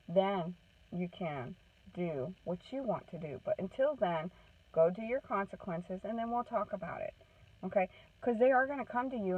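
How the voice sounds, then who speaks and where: A woman's voice: mid-range voice, distant mic. Earnest woman giving parenting advice, tinny. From Maine. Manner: earnest, repeats "okay?" to check in with listeners. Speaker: parenting advocate. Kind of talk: casual parenting advice talk. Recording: tinny phone-like sound from off the mic.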